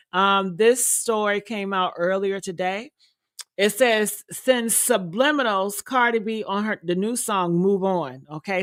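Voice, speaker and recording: A woman's voice: mid-range voice, a bit bright, no room sound. A woman hosts a gossip talk show in an easy, chatty manner, keeping things loose with plenty of "you know." Her voice is recorded close and dry, with no room sound around it. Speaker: podcast host. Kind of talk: casual gossip commentary.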